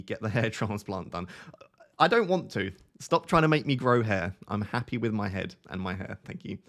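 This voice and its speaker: A man's voice: lowish voice, fairly bright tone. A young man with a light Essex accent, answering viewer chat in a chatty, self-mocking way on a live stream. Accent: light Essex English. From Essex, England.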